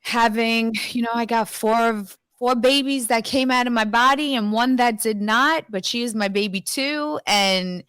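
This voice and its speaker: A woman's voice: on the high side, measured pace, hardly any pauses, a bit bright, smooth, dry recording, clean studio sound. A woman in her thirties or forties with five kids, chatting casually as a podcast guest, laughing often and swearing freely. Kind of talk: casual chat.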